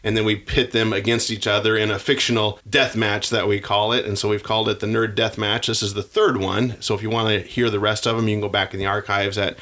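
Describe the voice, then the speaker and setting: A man's voice: lowish voice, little pitch movement, fast talker, hardly any pauses, sharp tone. A man hosting a podcast in upbeat casual chat, his voice nasal from a cold. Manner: upbeat, enthusiastic. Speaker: podcast host.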